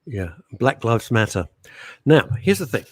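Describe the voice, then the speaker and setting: A man's voice: medium pitch, unhurried, slight background noise. A middle-aged man co-hosting a radio talk show, teasing and opinionated, speaking into a studio microphone. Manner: brash, teasing, animated and opinionated.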